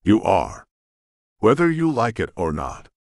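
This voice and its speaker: A man's voice: lowish voice, huge pitch swings, measured pace, vocal fry, dry recording, studio quality, heavily acted. A man voicing a proud, stern male god who is an estranged father, speaking in a cold, clipped, commanding way. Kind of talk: audiobook character voice.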